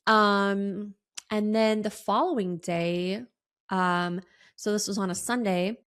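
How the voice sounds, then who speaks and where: A woman's voice: medium pitch, fairly even intonation, takes it slowly, a bit bright, clean tone. A woman hosting a solo podcast, telling a personal story in a chatty way with many ums and restarts. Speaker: podcast host.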